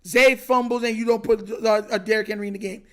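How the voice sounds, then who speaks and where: A man's voice: sits high, steady tone, quick pace, fairly bright tone. A young man hosting a livestream, ranting in frustration about a football game, slangy and repetitive. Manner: frustrated, repetitive, slangy, says bro constantly. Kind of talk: casual livestream rant.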